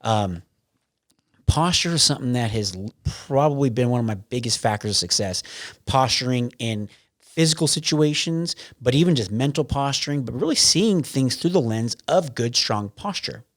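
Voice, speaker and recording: A man's voice: medium pitch, expressive, moderate pace, dry recording, studio quality. A man talking as a podcast guest, blunt and frank, with lots of restarts and some swearing. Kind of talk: casual interview.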